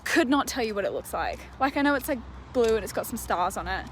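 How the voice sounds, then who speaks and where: A woman's voice: on the high side, lively intonation, fast. A woman with an Australian accent ranting in a casual, exasperated, chatty way with many "like"s. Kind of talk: casual video rant. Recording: faint background noise.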